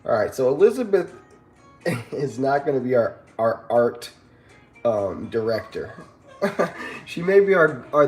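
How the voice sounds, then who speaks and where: A man hosting a casual livestream, talking to his viewers and laughing often as he tells a story. His voice sits at a middle pitch in a roomy, echoey space, with faint music playing behind him. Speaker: livestream host.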